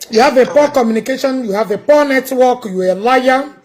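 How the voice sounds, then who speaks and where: A woman's voice: high-pitched, a little fast, darkish tone. A Nigerian woman with a Nigerian accent hosting a livestream, talking bluntly and scolding a caller over a phone mic. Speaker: livestream host. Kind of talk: casual livestream chat.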